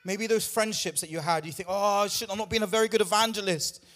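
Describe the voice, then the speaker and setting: High-voiced man preaching emphatically. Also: steady tone, brisk, fairly bright tone. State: out of breath. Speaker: pastor. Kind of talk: sermon.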